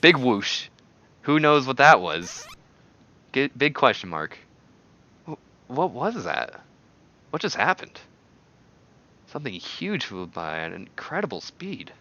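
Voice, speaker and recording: A man's voice: medium pitch, very animated, takes it slowly, pauses often, pushed and bright, lo-fi sound. A man hosting a casual game playthrough, rambling and joking as he reads along. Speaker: let's play host. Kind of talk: casual gameplay commentary.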